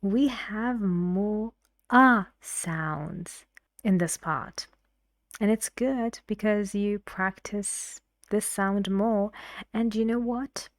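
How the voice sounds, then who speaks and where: A woman teaching English pronunciation in an online lesson, explaining slowly and encouragingly, at times dropping to a half-whisper. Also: mid-range voice, no echo, clean studio sound.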